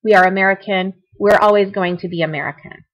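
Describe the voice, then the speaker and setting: A woman's voice: medium pitch, fairly even intonation, quick pace, poor audio. A young adult woman teaching a recorded Spanish grammar lesson, explaining points conversationally with repetition and small asides. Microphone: computer mic for screencast.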